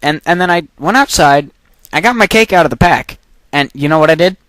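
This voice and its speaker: A man's voice: on the high side, lively intonation, a little fast, background noise. A man rambling through an improvised, absurd comic monologue into a computer microphone, stopping and restarting with coughs along the way. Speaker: amateur narrator.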